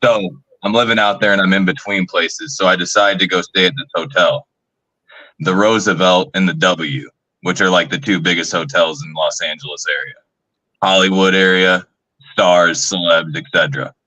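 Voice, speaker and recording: A young man with a low voice and a bright, forceful edge spins a loose, profane story on a live call. He rambles through it, leaning on fillers as he goes. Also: fairly even intonation, moderate pace, no room sound, poor audio. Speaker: guest storyteller. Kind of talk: casual storytelling on a live stream.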